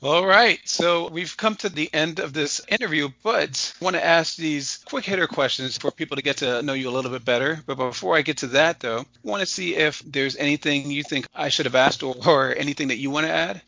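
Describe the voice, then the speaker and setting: A man with a bright, gravelly voice asks questions and nods along with short replies. The sound is dry and close, with a dull lo-fi tone. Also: a little high, fairly quick, few pauses, dry recording. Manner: brief affirmations, relaxed questions. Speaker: podcast interviewer. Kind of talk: interview questions and backchannel.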